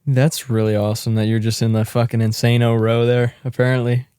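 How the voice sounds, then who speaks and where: Male co-host, mid-pitched, deadpan teasing banter, dry close sound. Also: a little fast, smooth, dry recording. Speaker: podcast co-host. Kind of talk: casual chat.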